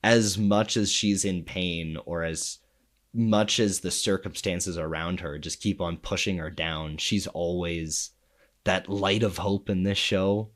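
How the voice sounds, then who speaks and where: A man's voice: sits low, steady tone, takes it slowly. A man co-hosting a podcast in casual chat, laughing along and chiming in with short agreeing replies. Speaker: podcast co-host.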